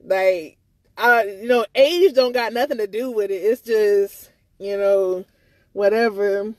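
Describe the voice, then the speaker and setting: A woman's voice: fairly high pitch, animated, unhurried, darkish tone, no room sound. A woman in a casual live-stream rant, agitated and rambling, repeating herself and swearing, with speech. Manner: swears freely, stammers on restarts. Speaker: livestreamer.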